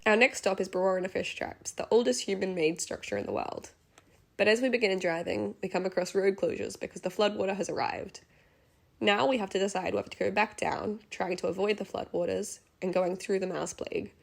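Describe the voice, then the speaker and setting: A woman narrating a travel vlog as a scripted voice-over, in a gentle, earnest, diary-like way. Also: medium pitch, gravelly.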